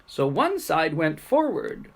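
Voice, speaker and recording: Slow, animated woman reading a children's story. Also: low voice. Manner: playful, animated narration.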